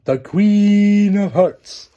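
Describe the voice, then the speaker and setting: A man voicing a flustered, hurried male rabbit in a storybook reading, frantic and loud. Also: high voice, lo-fi sound, voice pushed up. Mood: announcing.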